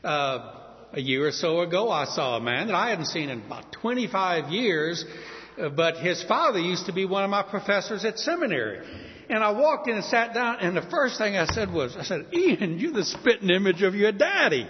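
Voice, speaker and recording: A man in his fifties or older preaching a sermon, telling a Bible story with an animated delivery and slowing down to stress key words. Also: sits high. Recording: dull audio in a reverberant hall.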